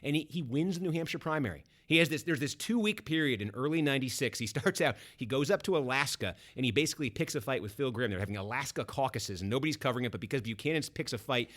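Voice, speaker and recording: A man's voice: mid-range voice, fast talker, few pauses. A man from Boston, a book author and guest, telling detail-packed political stories in a podcast conversation. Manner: animated, detail-packed anecdotes. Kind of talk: fast political storytelling.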